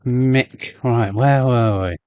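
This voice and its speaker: A man's voice: medium pitch, slow, a little mellow, no room sound, highs cut off. A man hosting a live stream from his loft, chatting casually and greeting viewers by name as he goes. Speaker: host of a model railway live stream. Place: home loft with a model railway layout.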